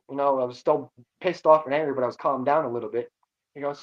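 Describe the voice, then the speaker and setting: A man's voice: medium pitch, quick pace. A man guest telling a story in a casual way, acting out the voices of the people in it. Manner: animated, acts out dialogue in raised voices. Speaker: guest, actor and stuntman. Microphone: remote video call. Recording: muffled lo-fi audio.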